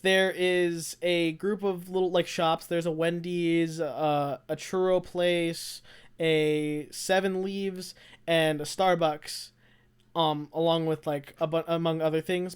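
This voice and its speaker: A young adult podcast co-host telling a rambling, animated story in casual chat, often laughing. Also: mid-range voice, smooth.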